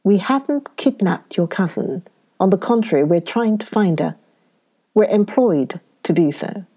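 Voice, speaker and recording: A woman voicing a level-headed young Englishman who speaks calmly and matter-of-factly. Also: mid-range voice, a little slow, breathy edge. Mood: earnest.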